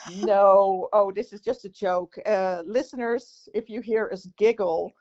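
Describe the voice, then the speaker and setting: A woman's voice: mid-range voice, fairly even intonation, a little slow, a little mellow, lo-fi sound. A Dutch-accented woman in her sixties, co-hosting a podcast in a joking, teasing way and often laughing. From Netherlands. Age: 60s. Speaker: podcast co-host. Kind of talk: casual chat.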